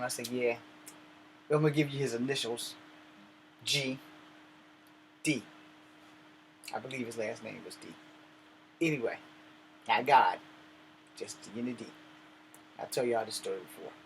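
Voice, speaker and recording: Swaggering guy telling a story, cusses a lot, ordinary pitch, faint hum behind. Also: rough recording. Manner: blunt, profane, swaggering. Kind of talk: casual spoken storytelling.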